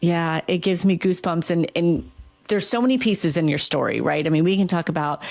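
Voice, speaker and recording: A woman hosts an interview podcast, responding to her guest with enthusiasm and affirmation. Her voice carries noticeable vocal fry. The sound is dry and close, with no room echo. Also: fairly low pitch, a little fast, a little mellow. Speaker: podcast host.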